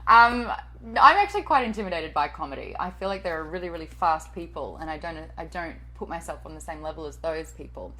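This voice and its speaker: A woman's voice: low-pitched, animated, brisk, bright, forceful tone, slight background noise, poor audio. Chatty self-mocking woman host. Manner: chatty, self-deprecating, swears casually. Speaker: TV and radio host, voice-over artist. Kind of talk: answering interview questions.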